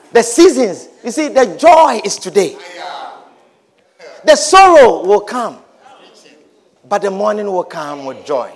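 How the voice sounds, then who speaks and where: A man's voice: high-pitched, very animated, takes it slowly, long pauses. A man pastor preaching a sermon in a church, emphatic and repetitive, calling out to his congregation.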